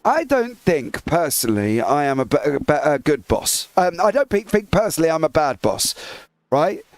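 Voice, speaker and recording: A hoarse, croaky man talks through a live sim race broadcast, rambling and a little defensive. His higher voice swings widely in pitch, and the close mic leaves it dry. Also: big pitch swings, moderate pace, no echo. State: hoarse from chest infection. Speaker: race commentator and broadcast boss. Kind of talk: live race commentary and banter.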